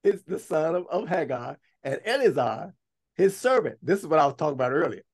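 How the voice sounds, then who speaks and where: A man's voice: very animated, brisk. A man preaching a sermon, reading scripture aloud and breaking off to comment and stress his points. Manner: bursts to high, loud emphasis at times.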